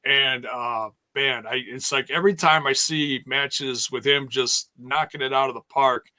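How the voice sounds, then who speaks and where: Casting note: male podcast co-host, unhurried and earnest, bright forward tone. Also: mid-range voice, steady tone. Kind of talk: casual wrestling review chat.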